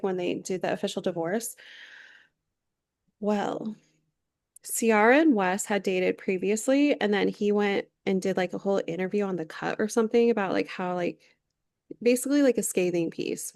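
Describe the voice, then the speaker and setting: This is a woman in her 30s co-hosting a podcast, with a medium-pitched voice and a dry, close recording. She gives a chatty, gossipy recap in casual conversation, peppered with "like."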